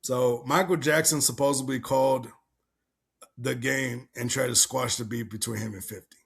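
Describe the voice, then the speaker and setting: A man's voice: medium pitch, fairly even intonation, moderate pace, vocal fry, a bit bright, slightly rough. A young adult man hosting a podcast, talking bluntly and loosely while reacting to a video clip. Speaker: podcast host. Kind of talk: casual chat reacting to a clip.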